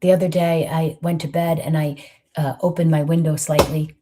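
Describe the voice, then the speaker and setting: A woman, giving a reflective motivational talk in a soft, intimate voice that often drops near a whisper. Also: low voice, steady tone, normal speed, noisy background. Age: 50s. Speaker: host giving a monthly inspirational message.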